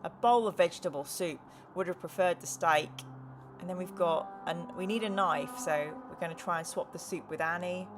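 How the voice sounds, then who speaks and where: A woman's voice: fairly low pitch, normal speed, music in the background. A woman hosting a live gaming stream, chatting casually, reading viewer comments aloud and making jokey asides.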